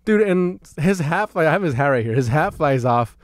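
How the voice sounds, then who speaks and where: A man's voice: fairly high pitch, moderate pace, no echo. A young man hosting a podcast in casual chat, telling stories animatedly, swearing a lot and acting out what people said. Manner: animated storyteller, swears a lot, acts out quotes. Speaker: podcast host.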